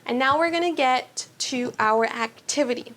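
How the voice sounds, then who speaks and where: For a youth book club, a woman with a high, slightly bright voice reads a children's novel aloud at a moderate pace, making small slips and restarting, before asking trivia questions.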